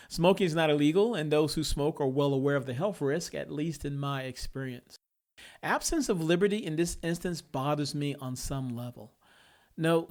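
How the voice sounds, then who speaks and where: A man's voice: a little high, darkish tone. A man hosting a solo podcast, giving his opinions in a conversational way and chuckling between points. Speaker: podcast host.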